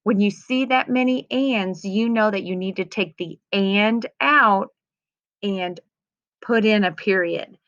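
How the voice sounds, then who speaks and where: A woman teacher gently talking young students through editing her writing, reading aloud patiently. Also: mid-range voice, slow, dry recording. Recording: slightly dull lo-fi sound.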